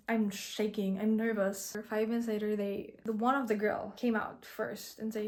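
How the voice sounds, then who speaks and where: A woman's voice: medium pitch, little pitch movement, moderate pace, few pauses, darkish tone. Candid young woman telling a personal story. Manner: candid, reflective, frequent restarts and "like". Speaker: content creator.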